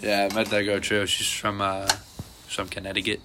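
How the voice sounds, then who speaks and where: A man's voice: on the low side, monotone, moderate pace, noisy background. A young man, chatting casually on a podcast and rambling with lots of filler words and swearing. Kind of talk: casual chat.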